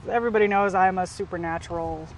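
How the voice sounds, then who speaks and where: A woman's voice: fairly low pitch, fast, a little hiss or hum. Chatty woman recorded far off outdoors. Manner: chatty, animated storyteller. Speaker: interview guest, merch designer. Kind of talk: casual interview chat. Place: outdoors at a picnic table.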